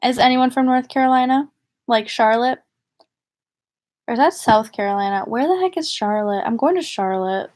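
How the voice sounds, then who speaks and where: Chatty young woman vlogger, slightly high. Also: normal speed, a little mellow. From northern United States. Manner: chatty, rambling, giggly. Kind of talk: casual livestream chat.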